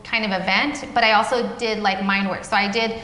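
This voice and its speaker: A woman's voice: mid-range voice, steady tone, fairly quick, bright, forceful tone. A woman guest in a casual interview, telling her story with animation and acting out the dialogue she quotes. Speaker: guest, parent of a child with epilepsy. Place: café. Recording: echoey, reverberant café room with faint background noise.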